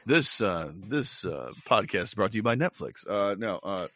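A man's voice: fairly low pitch, measured pace. A man co-hosting a podcast in casual chat, rambling and laughing often as he talks. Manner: rambling, laughs often, lively impressions of others. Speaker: podcast co-host.

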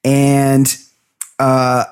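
A man co-hosting a comedy podcast, recapping a movie scene by scene in a loose, rambling way. He breaks into quick put-on voices for the characters as he goes. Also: mid-range voice, monotone, a little mellow, clear, resonant tone. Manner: rambling retelling, acting out characters' lines. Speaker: podcast co-host.

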